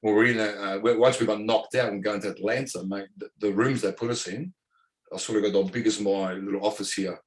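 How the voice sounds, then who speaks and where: Brief: middle-aged Australian ex-footballer, low-ish voice, rambling anecdotes full of fillers. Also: male voice, steady tone, a little fast. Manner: rambling, repeats words, many fillers. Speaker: former professional footballer, guest. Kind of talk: casual interview storytelling.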